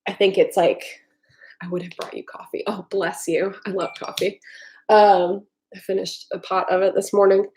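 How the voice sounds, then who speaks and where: A woman's voice: fairly low pitch, a little mellow. A woman from Tennessee chatting casually on a live stream from her home kitchen, rambling and swearing freely with lots of filler words. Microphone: desktop computer mic.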